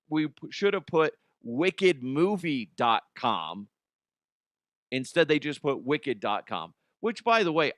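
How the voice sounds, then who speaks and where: A man rambles through a funny news story, swearing and chuckling at his own jokes. His voice sits a bit high and swings widely in pitch. The sound is dry and close. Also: a bit bright, no room sound. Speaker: host. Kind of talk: comedic news commentary.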